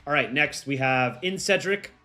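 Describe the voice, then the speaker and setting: A young livestream host rambles casually, filling his talk with lots of fillers. His voice is fairly high and sharp in tone, at a moderate pace. Soft music plays in the background.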